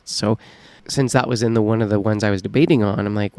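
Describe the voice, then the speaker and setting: A man's voice: on the low side, fairly even intonation, fairly quick, gravelly, a little mellow, dry recording. A man in a casual podcast chat, mulling things over in a laid-back way, with lots of fillers.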